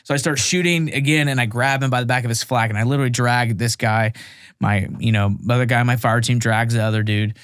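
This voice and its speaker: A man's voice: medium pitch, brisk, clean tone, no room sound, studio quality. A man in his thirties, a former Marine, telling a war story casually on a podcast, joking and acting out the people in it. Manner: animated, self-mocking, acts out dialogue. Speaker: podcast guest, Marine veteran.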